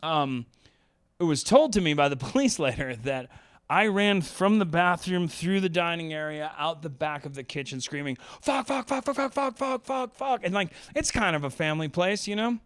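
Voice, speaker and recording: A man's voice: on the high side, animated, normal speed, fairly bright tone, clear, resonant tone, dry recording, clean studio sound. Rambling man telling a story. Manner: rambling, lots of "like" and "um", laughs while telling. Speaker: podcast host telling a story. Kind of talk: casual storytelling.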